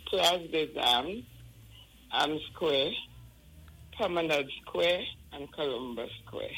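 A man calling in to a radio quiz, low-spirited and hesitant. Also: slow, gravelly, pushed and bright, husky. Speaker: caller. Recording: phone line.

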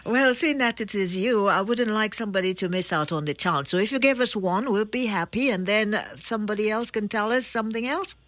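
A woman hosting a morning call-in quiz, brisk and teasing, repeating the phone number. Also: mid-range voice, a bit bright, dry recording. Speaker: radio host. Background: music.

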